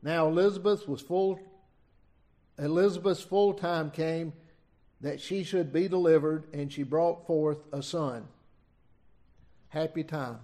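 A middle-aged man preaching an informal sermon, reading scripture and retelling it in a folksy, halting way. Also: a little high, warm tone. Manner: folksy, halting, many restarts and asides.

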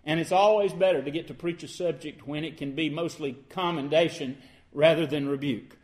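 A man's voice: a little high, fairly quick, darkish tone. A man, preaching as pastor and explaining scripture line by line in an earnest, plainspoken way. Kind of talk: sermon.

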